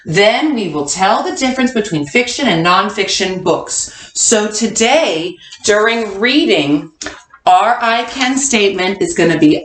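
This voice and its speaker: A woman teaching a kindergarten class online, coaxing answers with slow, sing-song hints. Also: mid-range voice, expressive, fairly bright tone, a little hiss or hum. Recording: echoey room.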